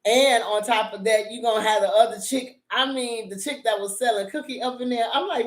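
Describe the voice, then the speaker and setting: Speaking briskly with few pauses, a middle-aged woman with a slightly high voice tears into a drama as a vlogger. Her animated, casual rant is profane and sassy, broken up by laughter, captured with a roomy sound.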